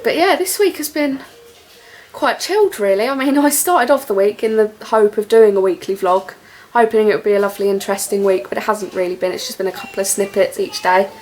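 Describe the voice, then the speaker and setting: A woman's voice: medium pitch, a little fast, a little mellow, a little hiss or hum. A young woman chatting casually to camera at home, rambling with lots of fillers. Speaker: vlogger.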